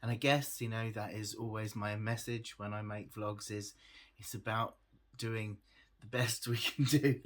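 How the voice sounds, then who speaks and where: A man's voice: lowish voice, steady tone, a little slow. A tired man chatting casually to his camera as a vlogger, laughing often and making fun of himself. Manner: chatty, laughs often, self-deprecating, trails off.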